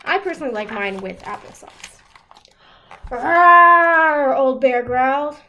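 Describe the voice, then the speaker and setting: A woman librarian reading a picture book aloud to children in an expressive, animated way over a video call. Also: high-pitched, a little fast, muffled recording, a little hiss or hum.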